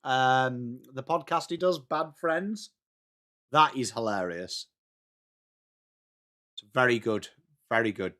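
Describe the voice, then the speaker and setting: This watchalong host is a young man from England who narrates a live football match while answering his chat in a chatty way. His pitch is medium and his delivery is pushed and bright. He speaks at a slow pace, pausing often.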